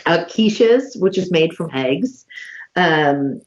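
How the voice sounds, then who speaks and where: A woman hosting a casual online conversation, listing items slowly with many fillers over a video call. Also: fairly low pitch, animated, dull audio. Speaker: podcast host.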